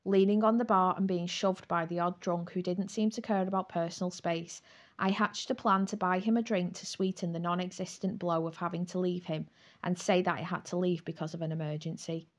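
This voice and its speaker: A woman narrating a first-person romantic comedy novel aloud, with an expressive, wry storytelling manner. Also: fairly low pitch, fairly quick. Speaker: audiobook narrator.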